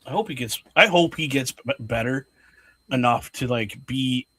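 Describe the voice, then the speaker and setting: Bright, eager male co-host. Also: mid-range voice, normal speed, slightly rough, dry recording. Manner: eager, excitable, laughs often. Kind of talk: casual live watch-along chat.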